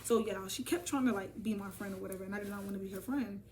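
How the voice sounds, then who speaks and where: A young woman telling a casual storytime vlog, animated and profane, talking straight to her viewers. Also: medium pitch, racing, distant mic. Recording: voice from off the mic, faint ambient noise.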